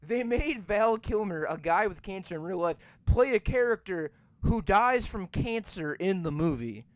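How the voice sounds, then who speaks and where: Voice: mid-range voice, lively intonation, moderate pace, dry recording. Profane ranting podcast host, dry close mic. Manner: ranting, profane, rambling with many fillers. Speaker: podcast host reviewing movies. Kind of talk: casual podcast rant.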